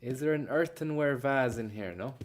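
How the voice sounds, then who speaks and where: A man's voice: mid-range voice, normal speed, slight background noise. Sweary man streaming a game. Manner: swearing, chatty, thanks viewers by name. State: tired, yawning. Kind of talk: live gameplay commentary.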